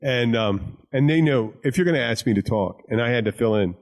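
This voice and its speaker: A man's voice: mid-range voice, brisk. A man hosting a podcast, a bartender telling rambling stories full of crude jokes and restarts. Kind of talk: casual chat.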